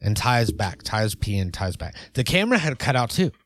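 A man's voice: mid-range voice, sing-song, normal speed, no echo. A man hosting a podcast in casual chat, rambling and restarting sentences easily. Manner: rambling, self-interrupting, easygoing. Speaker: podcast host.

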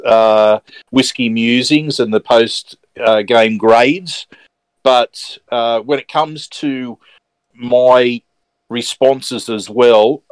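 A man's voice: medium pitch, dry recording, rough recording. A man co-hosting a casual sports podcast, blunt and chatty with many hesitations. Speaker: podcast co-host.

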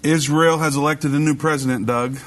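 An American man hosting a radio talk show, chatting in a lively, joking way with many fillers. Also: fairly high pitch, brisk. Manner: animated, jokey, hesitant with fillers.

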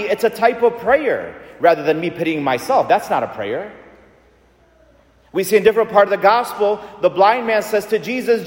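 High-voiced preacher in an echoey church. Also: male voice, sing-song, normal speed. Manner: call-and-response preaching, repetitive and emphatic. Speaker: pastor. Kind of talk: sermon. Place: large church.

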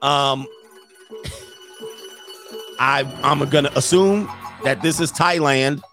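A man's voice: mid-range voice, very slow, fairly bright tone, faint music behind. A male host giving blunt, opinionated casual reaction commentary, laughing often as he talks.

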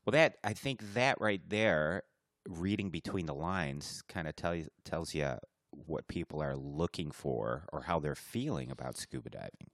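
Deep-voiced, lively male podcast co-host. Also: a little slow, no echo, studio quality. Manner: chatty, joking, with restarts. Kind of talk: casual podcast chat.

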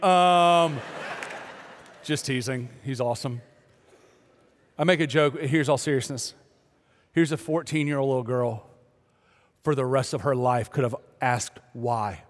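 A man's voice: medium pitch, measured pace, pauses often. A man preaching, telling a joking story about his family before turning earnest and urging the listeners. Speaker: pastor. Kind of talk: sermon with humorous story. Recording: long reverb of a large hall.

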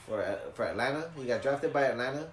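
A man's voice: medium pitch, lively intonation, fast talker, echoey room. A young man in casual podcast chat, laid-back but emphatic, swearing often.

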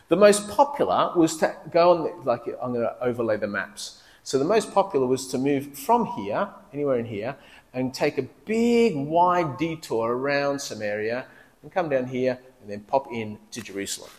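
Preacher in a reverberant hall. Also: male voice, fairly high pitch. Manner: lively conversational preaching with rhetorical questions. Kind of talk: sermon. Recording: long reverb of a large hall.

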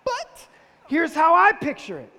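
High-voiced male preacher in a reverberant hall. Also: huge pitch swings, unhurried, bright, forceful tone. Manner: conversational preaching with rhetorical questions. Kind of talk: sermon. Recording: long reverb of a large hall.

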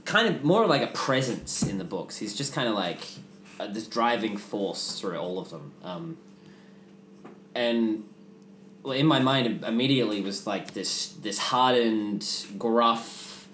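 A man's voice: on the low side, lively intonation, a little slow, a bit bright. A young Australian man, a voice actor, chatting casually with his castmates in a rambling, joking way. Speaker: voice actor in an audio drama cast. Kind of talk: casual podcast chat. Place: room shared with other cast members. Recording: roomy with faint background noise.

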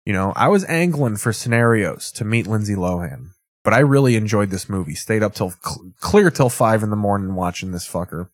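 A man's voice: on the low side, animated, a little fast, no echo. A man giving casual, profane commentary as he reacts to TV clips, rambling with wry asides.

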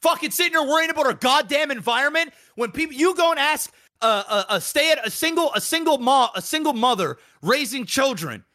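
A man's voice: extremely high pitch, expressive, a little fast, sharp tone. A man co-hosting a podcast, ranting heatedly with lots of profanity in casual chat. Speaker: podcast co-host.

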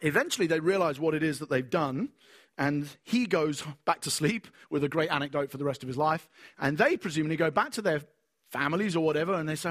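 A man preaching a sermon, telling stories in an animated way and acting out the voices of the people in them. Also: a little high, a little fast.

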